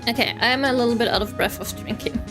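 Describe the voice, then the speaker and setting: A woman's voice: fairly high pitch, fast, music in the background. A woman streamer giving casual, giggly commentary while playing a game, chatty and often correcting herself.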